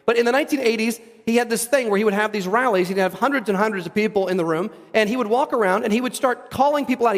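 High-voiced man preaching in a reverberant hall. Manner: conversational preaching, repeats words when building up. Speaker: pastor. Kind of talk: sermon.

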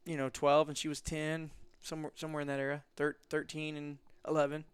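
A man telling stories casually as a guest, acting out quotes in lively bursts. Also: fast, clean tone, no echo. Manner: animated, acts out quotes with big jumps in pitch. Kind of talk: casual storytelling.

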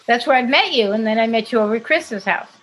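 A woman's voice: a little high, animated, fast, a bit bright, slightly rough, low-quality recording. A woman, an actress, casually telling anecdotes in an interview, chatty and laughing often. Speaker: actress guest.

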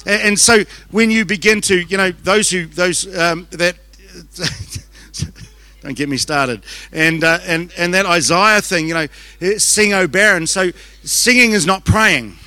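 A man with a New Zealand accent preaching a conference sermon, fast and conversational, joking with the crowd as he goes. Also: sits high, bright, forceful tone. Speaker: pastor. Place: church auditorium. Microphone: handheld microphone.

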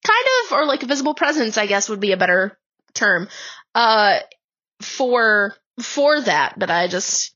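A young woman from the Appalachian South with a light Southern accent and a high, cute voice, talking casually as an interview guest in a rambling, self-mocking way full of "like". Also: animated, unhurried, sharp tone, dull audio. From Appalachian South, USA.

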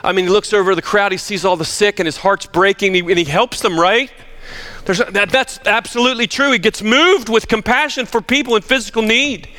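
Energetic male pastor, bright, forceful voice, animated sermon delivery, prone to restarts. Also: high-pitched, fairly quick. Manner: emphatic, animated, with frequent restarts. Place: church sanctuary.

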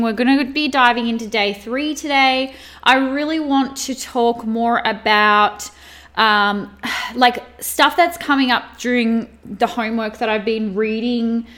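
A woman, hosting a live podcast stream and gushing excitedly to her viewers, full of fillers and exclamations. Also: on the high side. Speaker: podcast host and mindset coach. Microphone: camera mics on a live stream.

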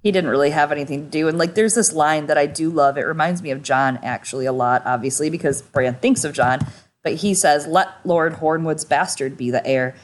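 A woman's voice: low-pitched, brisk. A woman co-hosting a casual book discussion, chatty and full of "like" fillers. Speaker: podcast co-host.

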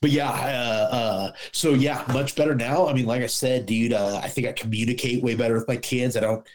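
A man's voice: medium pitch, fairly even intonation, brisk, rough recording. A middle-aged man talks in a loose, casual podcast chat. He is blunt and swears freely, and he slips into voicing the other people in his stories as he acts out back-and-forth dialogue. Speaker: guest, former police officer.

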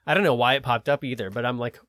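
A man's voice: medium pitch, fast talker, fairly bright tone, no room sound, studio quality. A man co-hosting a podcast, rambling and searching for words in casual chat. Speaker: podcast co-host.

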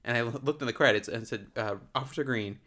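Talking fast in a medium-pitched, somewhat bright voice, a man reviews a bad movie on his casual podcast. He's a bit tipsy, rambling and sarcastic, and laughs a lot.

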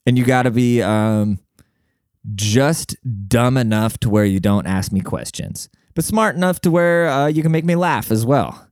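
A man hosting a solo podcast in a brash, rambling, profane way, full of fillers, jumping up in pitch when he quotes people. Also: expressive, unhurried, a little mellow, clear, resonant tone, no room sound, clean studio sound. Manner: jumps high in pitch when acting out quotes. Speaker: podcast host. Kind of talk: casual solo podcast monologue.

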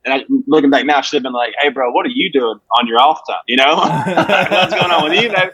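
A man's voice: on the high side, fairly quick, a bit bright, husky, no room sound, poor audio. Brash profane man. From Alabama. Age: 20s. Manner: profane, brash, rambling with restarts. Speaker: comedian guest. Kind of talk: casual podcast storytelling.

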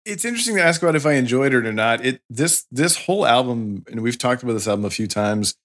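A man's voice: mid-range voice, lively intonation, quick pace, a bit bright. A man co-hosting a music podcast who talks thoughtfully and often restarts his sentences. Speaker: podcast co-host. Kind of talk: casual chat. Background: faint guitar music.

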